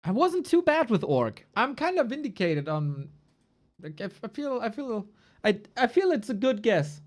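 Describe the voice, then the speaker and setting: A woman's voice: a little high, big pitch swings, normal speed, a little mellow. A woman esports caster chatting casually on a live stream, loose and playful, swearing and chuckling as she goes through rankings.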